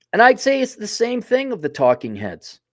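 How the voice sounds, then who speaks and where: Blunt sarcastic dude ranting, voice a bit higher than most guys. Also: male voice, dry recording, clean studio sound. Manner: blunt, sardonic, profane. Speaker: host. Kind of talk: casual opinion monologue.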